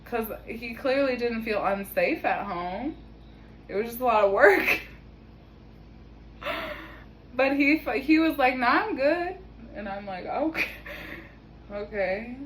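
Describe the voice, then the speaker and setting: A woman's voice: fairly high pitch, lively intonation, slow, pauses often, slight background noise, rough recording. A young woman telling a casual story at home, chatty, laughing often and swearing casually. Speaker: vlogger. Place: home kitchen.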